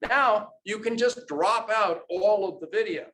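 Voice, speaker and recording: A man's voice: high-pitched, a little slow, fairly bright tone, a little hiss or hum, poor audio. A man giving an informal conference talk, often checking in with "right?". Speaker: academic presenter. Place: conference room.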